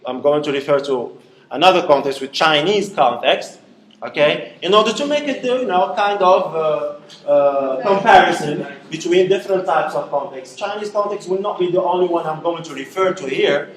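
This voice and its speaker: A man's voice: on the high side, moderate pace, slight background noise. Man lecturing in echoey classroom. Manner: questions the class, peppers speech with "okay". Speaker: university lecturer.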